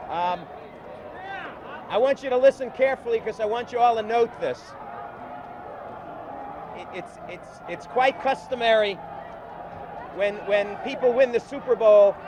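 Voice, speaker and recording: A man, a defense lawyer, giving a deliberate, wry statement to the press outdoors. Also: extremely high pitch, crowd noise. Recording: noisy outdoor news footage.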